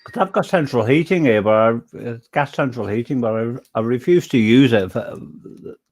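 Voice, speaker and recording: English man, chat host, rambly and halting, casual. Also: mid-range voice, darkish tone. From England.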